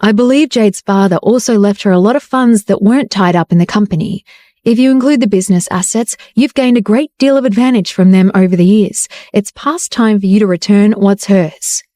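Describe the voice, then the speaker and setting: An icy, arrogant young billionaire man speaks in calm, sarcastic tones, read by a woman. The voice is warm and mellow in timbre, recorded close and dry. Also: mid-range voice, a little fast, no echo, lightly acted. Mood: cold sarcastic.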